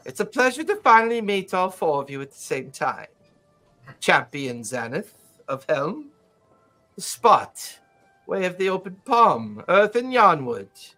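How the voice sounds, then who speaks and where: A man voicing a gentle elderly male mystic who speaks courteously and unhurriedly, with a faint teasing edge. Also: high-pitched, sing-song, a little slow, soft background music, voice pushed up, exaggerated voice. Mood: gracious.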